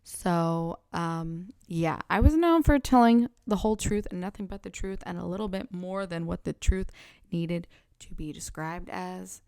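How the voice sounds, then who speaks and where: A woman's voice: fairly low pitch, measured pace, clear, resonant tone, dry recording, studio quality. A young woman hosting a solo podcast, talking candidly in a Valley Girl manner with lots of "like", keeping her voice down late at night at home. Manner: Valley Girl speech, many "like" fillers, candid and blunt; kept hushed late at night so her family can sleep. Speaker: podcast host. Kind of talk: casual solo podcast chat.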